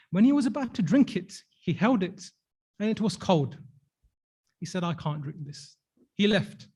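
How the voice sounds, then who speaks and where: A man's voice: sits high, darkish tone. A man with a British accent giving a sermon, telling a story with quoted dialogue in an earnest, emphatic way and asking rhetorical questions. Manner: asks rhetorical questions to the audience. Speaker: speaker at a religious gathering.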